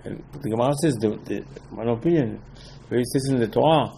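A man teaching an animated Torah class, mixing Hebrew terms into his English and pressing rhetorical questions. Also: mid-range voice, fast talker, creaky, slight background noise. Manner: repeats rhetorical questions, emphatic.

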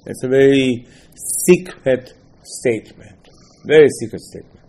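A man's voice: medium pitch, measured pace, darkish tone. A man teaching a Torah lesson in a loose, emphatic way, repeating phrases and firing rhetorical questions, with slightly broken English grammar. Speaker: rabbi teaching a Torah class. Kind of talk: informal religious lesson.

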